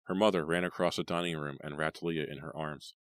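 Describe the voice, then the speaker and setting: A male narrator reads a horror novel with steady, dramatic storytelling. His voice sits very low. The recording is close and dry. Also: a little fast, dry recording. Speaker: audiobook narrator.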